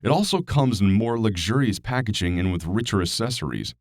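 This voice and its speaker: A man reading a scripted product review as a hired voice actor, in a lively, expressive way. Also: lowish voice, brisk, no room sound, studio quality. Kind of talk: scripted narration.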